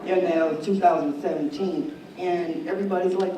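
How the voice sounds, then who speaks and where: A woman sharing a candid personal story with an audience, lively and open. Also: on the low side, moderate pace, few pauses, background noise. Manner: lively, candid, with quoted asides. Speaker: attendee sharing her story. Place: large event hall. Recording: echoey hall from far off, crowd behind.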